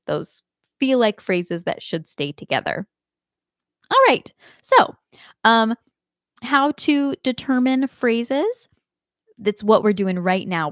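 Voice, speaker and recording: Slow-talking woman voice teacher. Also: medium pitch, lively intonation, no room sound, studio quality. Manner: explains slowly, breaks into sung examples. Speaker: singing teacher. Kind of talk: live online voice lesson.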